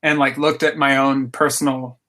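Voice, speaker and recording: A man's voice: mid-range voice, flat delivery, moderate pace, pushed and bright. A man guesting on a podcast, chatting casually and enthusiastically about his hobby, with many "like" fillers. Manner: rambling, lots of "like" fillers, enthusiastic. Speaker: podcast guest, game designer. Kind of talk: casual interview chat.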